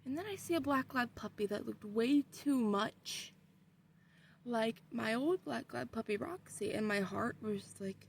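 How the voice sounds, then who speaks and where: A young adult woman vlogger telling a story in a casual way, with animated delivery and frequent swearing. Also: fairly high pitch, a little slow, vocal fry, slight background noise.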